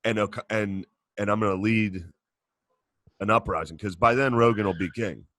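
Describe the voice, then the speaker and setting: A man's voice: fairly low pitch, steady tone, normal speed, fairly bright tone, slight background noise. A man co-hosting a casual comedy podcast, riffing playfully on an absurd bit with his co-host.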